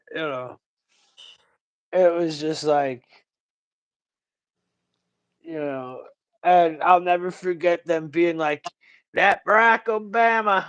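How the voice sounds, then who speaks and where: A man hosting a livestream in casual chat, rambling and slangy, calling people bro and dude. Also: on the high side. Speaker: livestream host.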